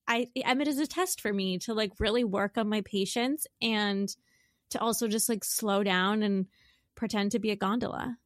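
A woman's voice: mid-range voice, normal speed, no room sound, clean studio sound. A woman in her thirties co-hosting a casual parenting podcast, chatting freely with lots of filler words. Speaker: podcast co-host. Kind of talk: casual chat.

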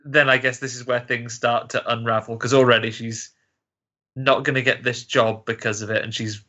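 A man's voice: mid-range voice, level tone, moderate pace, sharp tone, muffled recording. A man in casual chat about a film, chatty and quoting characters in put-on voices. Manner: chatty, acts out quotes in voices.

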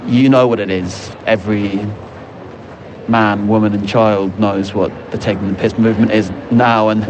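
A man's voice: on the low side, steady tone, normal speed, noisy background. A man co-hosting a comedy podcast, talking in an earnest, rambling way. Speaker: podcast co-host.

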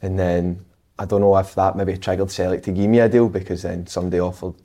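A young Scottish man chats casually as a podcast guest, tumbling through anecdotes. His voice sits low and he talks fast. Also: level tone, warm tone. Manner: chatty storytelling, laughs often. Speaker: guest footballer. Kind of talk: casual chat.

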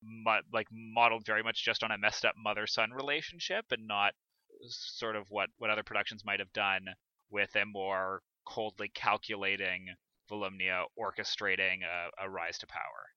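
A man's voice: fairly low pitch, steady tone, moderate pace, bright, forceful tone, smooth, no room sound. A man co-hosting a podcast, talking through a theatre production in a casual, hesitant way, with many restarts. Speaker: podcast co-host. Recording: dull dry lo-fi sound.

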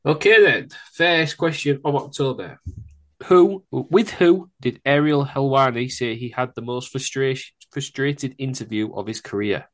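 A man's voice: mid-range voice, measured pace, fairly bright tone. Laughing man hosting a quiz. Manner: laughing, joking, swearing. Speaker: quiz host. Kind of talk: casual podcast quiz chat.

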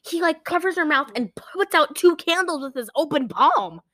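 A woman co-hosting a podcast, casually retelling a movie with animated storytelling and lots of fillers. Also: high-pitched, moderate pace, no echo. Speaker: podcast co-host. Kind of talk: casual movie recap chat.

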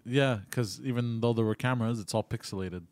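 A man's voice: mid-range voice, a little fast, darkish tone, no room sound. A man co-hosting a podcast, bantering in a blunt, tough-talking way. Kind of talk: casual chat.

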